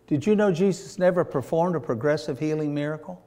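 Animated preacher man, pitch a touch high. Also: normal speed, few pauses. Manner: animated, acts out voices and shouts. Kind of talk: sermon storytelling.

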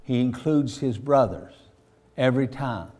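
A man's voice: mid-range voice, unhurried, a little mellow. A man preaching a sermon, telling stories in a folksy way and rising to fervent emphasis. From Virginia, USA.

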